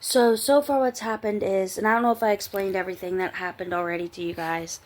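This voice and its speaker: A fast-talking woman with a mid-range voice and steady tone reviews a book late at night. Tired and casual, this book vlogger rambles and giggles, often trailing off before picking things up again.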